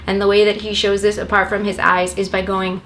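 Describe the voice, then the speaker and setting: A woman's voice: medium pitch, flat delivery, a little fast, fairly bright tone, a little hiss or hum. A young woman recapping a movie in a rambling, sarcastic comedy style, swearing constantly. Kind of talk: profane comedic plot recap.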